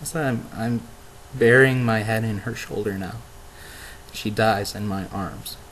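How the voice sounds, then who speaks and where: A young man vlogging, telling a story emotionally with halting restarts and repeated words. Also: fairly low pitch, level tone, fairly bright tone, a little hiss or hum, poor audio. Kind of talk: casual vlog monologue.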